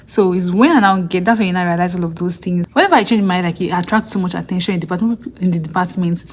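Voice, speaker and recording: A young woman with a Nigerian accent telling stories casually in a vlog, often acting out what others said in a higher voice. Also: quick pace, a little hiss or hum. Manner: chatty, acts out others' lines in a higher voice. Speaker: vlogger and graduate student.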